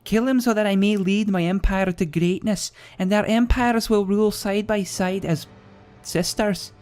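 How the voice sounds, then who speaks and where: A man putting on a high falsetto voice with a put-on Scottish accent to play a scheming princess plotting against her father. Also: normal speed, a little mellow, close to an everyday voice.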